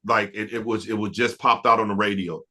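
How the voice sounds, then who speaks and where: A middle-aged man, an R&B producer, telling stories in a casual interview, animated and stumbling over restarts. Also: on the low side, brisk, slightly rough. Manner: animated, laughing storyteller with many restarts.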